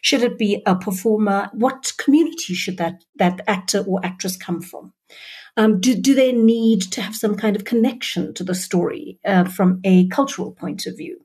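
A woman interviewer from a publisher, asking measured, thoughtful questions. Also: mid-range voice, a little mellow, husky.

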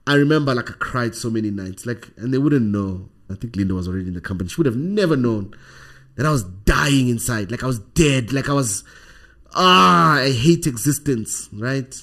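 Speaking fairly quickly at a medium pitch, this South African podcast guest shares a personal story with animated energy. He habitually closes his sentences with "right?".

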